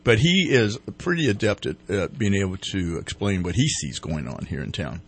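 A man's voice: low-pitched, expressive, moderate pace, creaky, a little hiss or hum. A man hosting a morning talk radio show, chatting casually and rambling with many fillers and restarts. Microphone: studio microphone.

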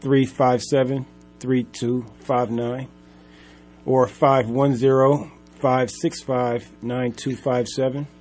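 A man talking as a dog-trainer guest on a radio show, speaking haltingly with lots of ums. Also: mid-range voice, flat delivery, soft background music. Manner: halting, many ums, soft-spoken. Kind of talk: casual radio interview.

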